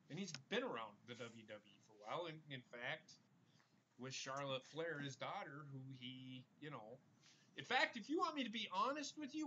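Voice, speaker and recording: Man hosting a chat show, bright forceful voice, blunt and profane, slightly dull sound, faint hiss. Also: on the high side. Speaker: podcast host. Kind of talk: casual wrestling podcast chat.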